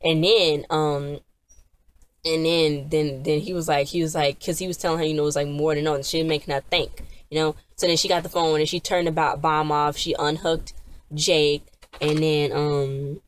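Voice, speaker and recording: Low-voiced woman rambling through a recap. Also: moderate pace. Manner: rambling retelling with many fillers and restarts; animated, acts out characters' lines. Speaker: TV episode reviewer. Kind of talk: casual episode recap.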